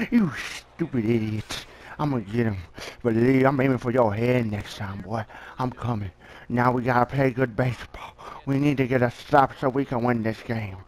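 A young man giving excited commentary over a baseball video game, talking to himself and trash-talking the players. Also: mid-range voice, normal speed, slight background noise. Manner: talks to himself, hyping himself up, playful trash talk. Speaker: guest gameplay commentator.

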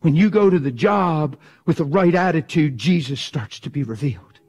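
Male preacher, high voice, passionate, animated sermon delivery. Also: normal speed, slightly rough, lo-fi sound.

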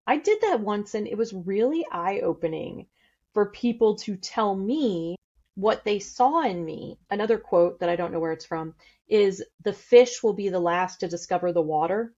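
A woman's voice: mid-range voice, dark tone, muffled recording. A middle-aged woman from St. Louis, a podcast guest speaking in a blunt, candid way. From St. Louis, USA. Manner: blunt, candid and fast-talking. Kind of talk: casual interview talk.

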